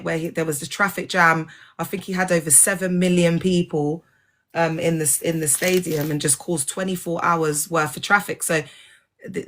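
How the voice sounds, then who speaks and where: A woman's voice: on the low side, fairly bright tone. Frank, rambling woman vlogger. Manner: rambling, frank, sarcastic, asks the listener often. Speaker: vlogger and former church member. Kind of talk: casual monologue.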